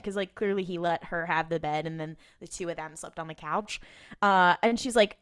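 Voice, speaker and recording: A podcast co-host with a smooth, mid-range voice talks at a moderate pace. She recaps episodes in easygoing chat, bringing the story to life by quoting characters in their voices and breaking into laughter.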